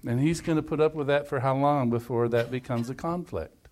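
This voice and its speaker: A man leading a family workshop, coaching a couple in front of a group through animated, emphatic hypothetical scenarios. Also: medium pitch, fairly quick. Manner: repetitive, emphatic phrasing.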